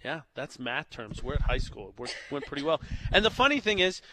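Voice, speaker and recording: A man's voice: fairly high pitch, very animated, fairly quick, pushed and bright, a little hiss or hum. A young man hosting a morning radio show, telling stories in a joking, chatty way from the studio. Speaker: radio host. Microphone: studio mic.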